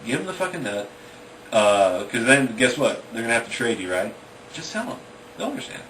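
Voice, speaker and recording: A man voicing a whiny, pushy young village boy who pleads loudly in a raised, high voice. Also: very animated, fairly quick. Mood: pleading. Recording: echoey room, mic at a distance, background noise.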